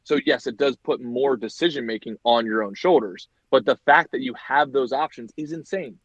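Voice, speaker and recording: A man hosting a podcast, animated and argumentative as he makes his case in casual talk. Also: mid-range voice, normal speed, dry recording, muffled recording. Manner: animated, argumentative, many fillers. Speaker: podcast host. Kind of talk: casual chat.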